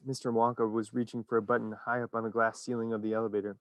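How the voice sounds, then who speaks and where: A man narrating a children's story in an expressive, animated reading. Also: mid-range voice, fast, no echo.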